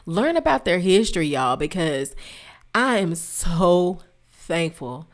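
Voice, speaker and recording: A woman with a notably low voice hosts a heartfelt tribute podcast. She talks straight to her listeners with open emotion and repeats her key phrases for emphasis. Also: sing-song, slow pace. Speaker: podcast host.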